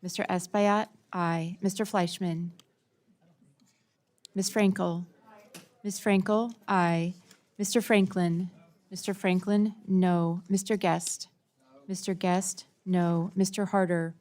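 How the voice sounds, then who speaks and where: A woman clerk calling the roll in a flat, methodical way, repeating names and votes. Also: fairly low pitch, takes it slowly, pauses often. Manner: flat, methodical name-reading. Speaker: committee clerk. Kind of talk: roll call.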